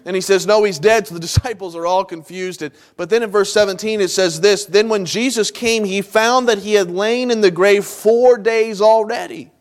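A man preaching a sermon in a folksy, conversational way, moving between loud emphatic lines and soft low asides. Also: moderate pace, hardly any pauses. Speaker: pastor.

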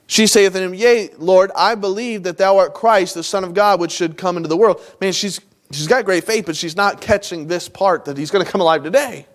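A man preaching a sermon in a folksy, conversational way, moving between loud emphatic lines and soft low asides. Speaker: pastor.

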